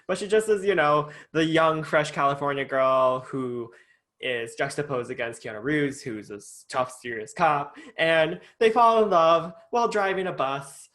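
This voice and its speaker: A man co-hosting a podcast in casual chat, relaxed and agreeable, often chiming in with short replies. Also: fairly high pitch, moderate pace. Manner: relaxed, agreeable, chatty, frequent "right" and "yeah". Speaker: podcast co-host.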